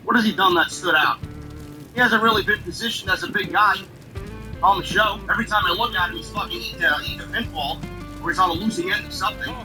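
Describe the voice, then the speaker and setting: This man's voice sits high and moves at a quick pace as he delivers sarcastic, exasperated wrestling commentary full of profanity. The low-quality recording catches him off-mic over background music.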